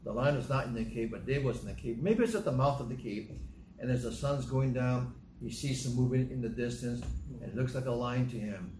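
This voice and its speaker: A preacher teaches through a psalm, reading scripture aloud and retelling it in plain, conversational storytelling. His mid-range voice is a little fast and a little mellow, in an echoey room with a little hiss or hum.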